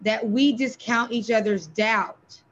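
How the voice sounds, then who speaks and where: A woman with a fairly high voice talks openly with a close friend on a podcast, slipping into acted-out quotes as she goes. The sound is dull and a bit lo-fi. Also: takes it slowly. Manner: animated, acts out quoted lines. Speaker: podcast co-host. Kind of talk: candid conversation between friends.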